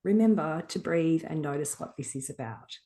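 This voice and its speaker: A woman's voice: low-pitched, expressive, normal speed, dark tone. A woman, a guest author talking frankly and reflectively in an interview. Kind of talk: casual interview talk.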